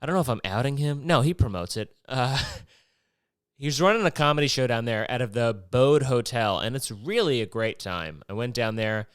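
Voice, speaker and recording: A man's voice: medium pitch, lively intonation, moderate pace, clear, resonant tone, no room sound, studio quality. A man from Maryland hosting a casual solo podcast, rambling and profane and jumping between topics. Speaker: podcast host.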